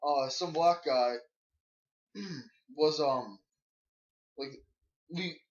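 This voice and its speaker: A man's voice: on the high side, very slow. A young man hosting a casual chat, rambling and hesitant with many fillers. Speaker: host. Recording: muffled lo-fi recording.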